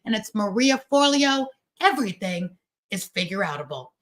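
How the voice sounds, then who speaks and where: A woman giving a chatty, animated motivational talk over a video call, acting out the voices of people she quotes. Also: mid-range voice, normal speed. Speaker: guest speaker at a business event.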